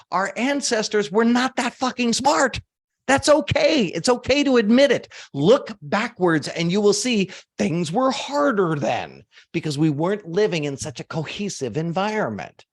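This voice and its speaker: A man coaching his audience through a motivational lesson, talking in a lively, swinging pitch. He is conversational and emphatic, with the odd curse, and his voice sits a little high. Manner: animated, conversational, emphatic, swears.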